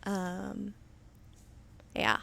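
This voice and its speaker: A woman paints miniatures on a live stream from an indoor studio under flood lighting, recorded on a webcam set to auto. Her mid-range voice is flat, very slow, sharp, and full of vocal fry as she chats in a rambling way and reads viewer comments aloud.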